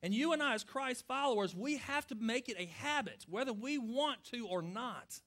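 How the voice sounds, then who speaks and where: A man's voice: very high-pitched, expressive, moderate pace, a bit bright. A middle-aged male pastor giving a sermon that answers questions from listeners, talking earnestly and conversationally and asking the congregation direct questions.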